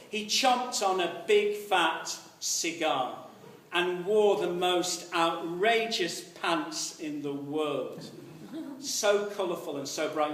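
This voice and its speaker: A man telling a gently humorous story as part of a sermon in a church. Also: high voice. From Ireland. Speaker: preacher. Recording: echoey church from far off.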